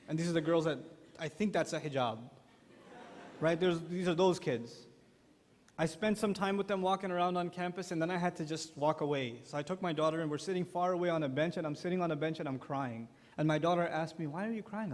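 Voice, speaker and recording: A man preaching to an audience of parents in a large hall, in an animated, humorous sermon style that acts out quotes. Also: fairly high pitch. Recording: echoey hall.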